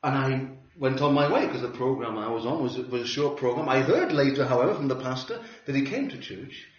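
A man preaching a sermon, telling a story with wry humor and lively delivery. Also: mid-range voice, a little fast. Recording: roomy hall from a distance, dull sound.

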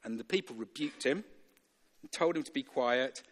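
A man's voice: mid-range voice, animated, normal speed. A man preaching a sermon in a church, emphatic and repetitive, chuckling now and then between points. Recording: long reverb of a church hall.

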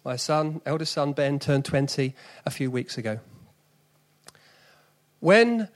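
A man in his forties preaching with a South East London accent. His voice sits fairly high, and he speaks in an earnest, conversational way that climbs into emphatic lists. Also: expressive, takes it slowly. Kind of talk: sermon.

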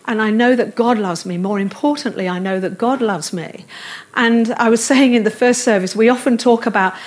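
A woman's voice: fairly high pitch, normal speed. A middle-aged woman preaching a sermon in a church, earnest, with repeated affirmations and light self-deprecating humor. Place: church service room.

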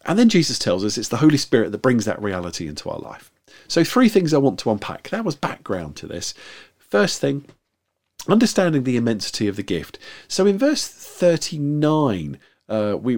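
A man's voice: mid-range voice, creaky. A man preaching a sermon in a conversational style, with many fillers and restarts. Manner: conversational, animated delivery with frequent fillers. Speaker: guest preacher. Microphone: video recording for online viewers.

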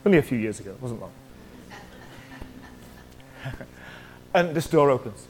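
A man's voice: medium pitch, sing-song, unhurried, a little mellow, a little hiss or hum, low-quality recording. A middle-aged man preaching a sermon as a pastor, telling a story in a chatty way and joking with the congregation. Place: church hall.

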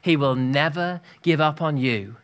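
A man preaching a sermon as pastor, energetic and exhorting, calling out to the congregation. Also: on the high side, unhurried, clean tone. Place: church hall.

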